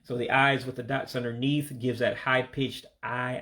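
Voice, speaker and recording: A man who speaks English as his first language gives a casual vocabulary lesson, repeating each word slowly and pronouncing it carefully. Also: medium pitch, flat delivery, sharp tone. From United States. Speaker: language learner teaching vocabulary.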